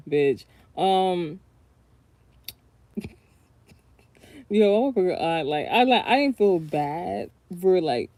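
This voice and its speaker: A woman's voice: on the low side, mellow, no echo. A woman from the United States talking casually on a livestream as a tarot reader, rambling and swearing freely. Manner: rambling, profane, chatty, often trailing off and restarting.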